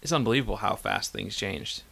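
A man with a lowish voice that has a gravelly rasp and a bright, forward edge. He chats casually as a podcast co-host, laid-back and a little hesitant, laughing often. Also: fairly quick. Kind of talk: casual chat.

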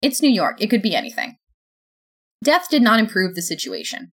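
Young woman narrator, sardonic, pitch swings widely, first-person story reading. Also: huge pitch swings, moderate pace, fairly bright tone, husky.

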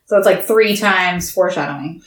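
A woman's voice: lowish voice, a little fast, roomy sound. A woman co-hosting a book podcast, speaking matter-of-factly in casual chat. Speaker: podcast co-host.

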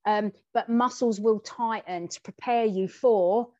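A woman co-hosting a conversational podcast, telling a personal story in a candid, lively way and acting out the lines she quotes. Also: medium pitch, a little slow, no echo. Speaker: podcast co-host. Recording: dull, dry and muffled.

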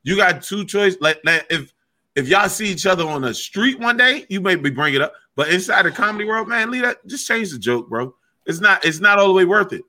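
A man who is a stand-up comic, chatting casually and telling animated stories, swearing freely and acting out what people said. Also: high-pitched, a little fast. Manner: animated storyteller, swears freely, acts out quotes. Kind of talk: casual podcast chat.

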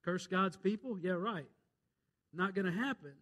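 A man with a Mississippi accent preaching a sermon, retelling a Bible story in a folksy way and swinging between loud and hushed. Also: high-pitched, unhurried. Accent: Southern US, Mississippi. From Mississippi, USA. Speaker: pastor.

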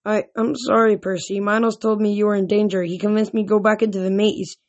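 A woman's voice: mid-range voice, little pitch movement, a little fast, lo-fi sound, lightly acted. A woman voicing a shaken teenage boy who apologizes hesitantly, while reading a novel aloud. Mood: apologetic. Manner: hesitant, stammering.

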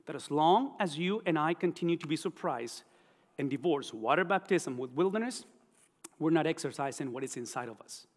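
A man's voice: fairly high pitch, expressive, normal speed. A middle-aged man preaching a sermon as pastor, emphatic and repetitive, sometimes pleading. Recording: long reverb in a hall.

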